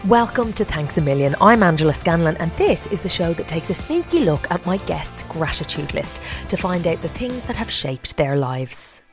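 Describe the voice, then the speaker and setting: Low-voiced chatty Irish woman host. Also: expressive, soft background music. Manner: chatty, playful, quick asides. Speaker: podcast host. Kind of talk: casual chat.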